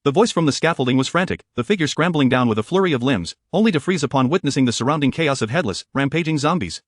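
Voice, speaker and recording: A man narrating an audiobook in a brisk, even storytelling manner. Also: medium pitch, no echo, studio quality.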